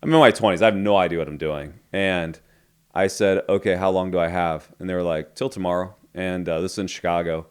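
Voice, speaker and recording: Low-voiced man telling a business story. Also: brisk, clear, resonant tone. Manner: candid, animated retelling with quoted dialogue. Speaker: entrepreneur guest. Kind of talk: storytelling in a podcast interview.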